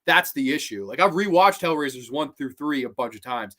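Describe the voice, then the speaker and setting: Man, higher-pitched voice, casual livestream host, excitable, swears a lot, rambling restarts. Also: fairly quick. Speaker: horror review show host. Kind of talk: casual livestream chat, reading viewer comments.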